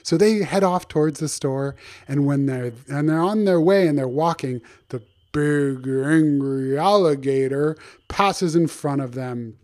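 A man's voice: fairly high pitch, normal speed, warm tone. A man telling an improvised children's story, speaking animatedly and asking the young listeners questions.

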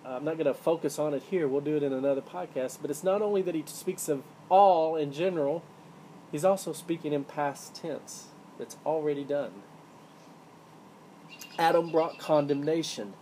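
A man with a fairly high but warm, mellow voice teaches scripture on his own podcast, earnest and emphatic as he leans on key words. A faint hiss sits under the recording. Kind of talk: solo Bible-teaching podcast.

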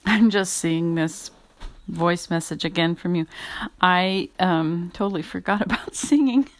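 Woman with a raspy morning voice, unhurried and fairly low, leaving a chatty voice note in a dry room. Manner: laughing often, chatty. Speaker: podcast listener replying. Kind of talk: casual voice-message chat.

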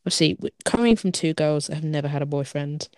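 Young woman, podcast co-host, lowish pitch, dry close sound, rambling filler-heavy chat. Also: fast talker, a little mellow, no room sound. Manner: rambling, restarting, full of "like" fillers and laughs. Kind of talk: casual chat.

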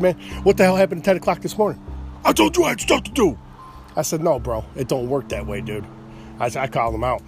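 Worked-up man ranting with lively pitch. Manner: worked-up, profane, acts out both sides of arguments. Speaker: vlogger telling stories. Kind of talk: casual storytelling rant.

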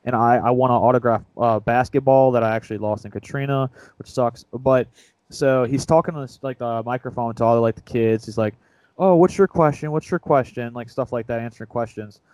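A young man co-hosting a sports podcast, retelling a story in a rambling, self-mocking way. His voice sits at a middle pitch and sounds dry and close to the mic, with no room echo. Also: level tone, a little fast, darkish tone. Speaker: podcast co-host. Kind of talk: casual storytelling chat.

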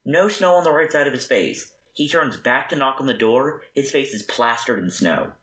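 A man's voice: mid-range voice, moderate pace. A young man on a podcast, casually reviewing a movie and acting out its scenes. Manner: animated, acts out scenes in character voices. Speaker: podcast co-host. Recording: echoey room.

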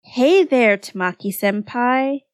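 A woman voicing a gentle, playful male teenage twin in a fanfic read-aloud, speaking in a light, playful way. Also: fairly high pitch, animated, takes it slowly, smooth, dry recording, clean studio sound, voice pushed up.

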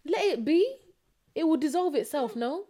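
A woman's voice: sits high, animated, moderate pace, mellow. A woman co-hosting a podcast, telling candid stories in a playful, casual way. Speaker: podcast co-host. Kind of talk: casual chat.

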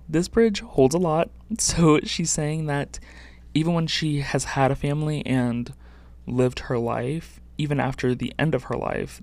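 A man's voice: medium pitch, vocal fry, darkish tone, no room sound. A young man hosting a solo music podcast, talking casually and often saying "like". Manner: chatty, uses "like" often. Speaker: podcast host.

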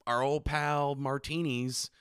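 Bright-voiced young man, dry close mic. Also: medium pitch, level tone, slow, smooth, no echo. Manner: profane, joking banter. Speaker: podcast co-host. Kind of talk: casual chat.

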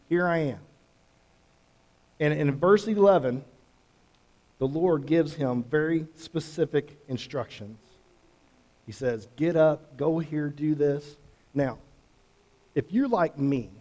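A man preaching a sermon in a conversational, animated way, acting out quotes as he teaches. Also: on the high side, a little slow, pauses often. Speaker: pastor.

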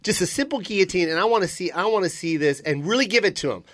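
A man's voice: high-pitched, expressive, fast, fairly bright tone. Hyped, laughing male podcast host. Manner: laughing, hyped, eggs others on. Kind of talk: excited studio banter. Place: podcast studio.

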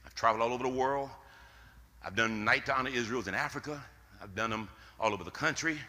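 A man preaching a sermon as pastor, swinging from loud outbursts to hushed, slowed lines. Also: mid-range voice. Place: church sanctuary. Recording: echoey hall.

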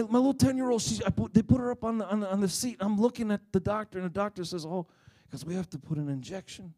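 Animated man preaching a sermon. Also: a little high. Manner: animated storytelling, then soft earnest preaching. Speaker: pastor. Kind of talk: sermon with a personal story.

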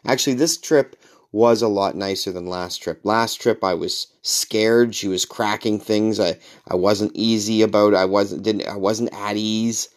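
A man in his forties hosting a podcast, telling a rambling, self-mocking story in a casual way, with mild swearing, and jumping up in pitch to act out quoted lines. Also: darkish tone. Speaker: podcast host.

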